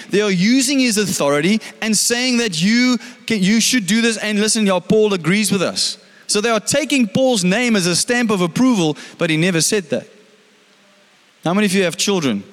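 A man's voice: sits high, animated, moderate pace, in a large hall. A male pastor preaching a sermon in a conversational way, often putting questions to the congregation.

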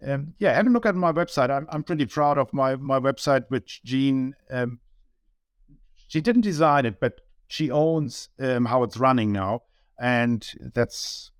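A middle-aged man with a German accent, a business owner talking as a guest in a casual interview, halting and repeating words with many ums. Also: medium pitch, lively intonation, clean tone, dry recording, studio quality.

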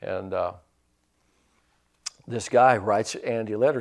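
A man preaching a sermon in a folksy, rambling storytelling way, rising into loud bursts. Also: on the low side, slow pace.

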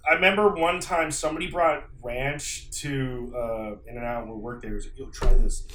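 Young male podcast co-host, animated and profane, bright forceful voice, echoey room with faint hiss. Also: mid-range voice, moderate pace. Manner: animated, swearing, laughing often. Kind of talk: casual podcast chat.

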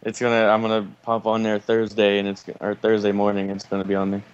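A man's voice: on the low side, monotone, fast, clear, resonant tone, dull audio. A man commenting on a wrestling match with friends, explaining the story of the bout and throwing in dry, matter-of-fact jokes. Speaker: co-host watching a wrestling match. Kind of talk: casual live watch-along commentary.

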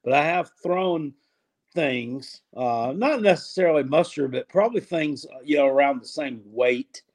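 A man co-hosting a casual sports chat, talking in a halting, hesitant way with sarcastic jabs. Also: on the high side.

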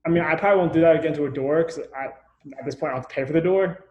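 A man's voice: a little high, very fast, roomy sound, lo-fi sound. A man in his twenties co-hosting a podcast over a remote call, telling a story with lots of fillers and restarts. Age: 20s. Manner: rambling, hesitant, many fillers. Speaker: podcast co-host. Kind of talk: casual chat. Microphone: computer mic, remote call.

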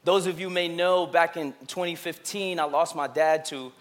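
A man preaching a sermon as pastor, telling a personal story that swells into impassioned emphasis and falls back to hushed, searching questions. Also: a little high, steady tone, moderate pace. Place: church.

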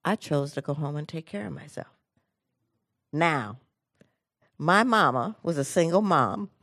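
A middle-aged woman with a low, grounded voice tells an audience a story from her youth. She moves between bright, energetic passages and hushed, slow moments that land her point. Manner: animated storyteller, drops to quiet low tones for emphasis. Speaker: inspirational speaker. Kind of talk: personal storytelling talk to an audience.

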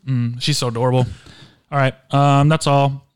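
A man's voice: medium pitch, flat delivery, normal speed, clean tone, no room sound, studio quality. A man co-hosting a casual podcast from an apartment, joking and arguing, often losing his words mid-sentence. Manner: joking, argumentative, trails off searching for words. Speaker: podcast co-host. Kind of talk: casual chat. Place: small apartment room.

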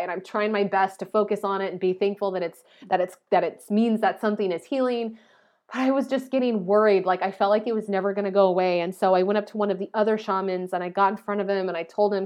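A young woman talks straight to the camera, recounting her own experience in an animated, chatty way. Her voice sits at an ordinary middle pitch, and "like" keeps slipping into her sentences. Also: fast talker. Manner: animated, chatty, heavy use of "like". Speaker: vlogger. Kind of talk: casual personal storytelling.

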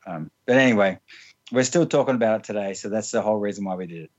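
Lower-voiced guy rambling thru a funny story, lots of likes n laughs, kinda dull lo-fi sound. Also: quick pace. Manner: rambling, laughs often, many fillers and restarts. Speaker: interview guest. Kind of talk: casual storytelling.

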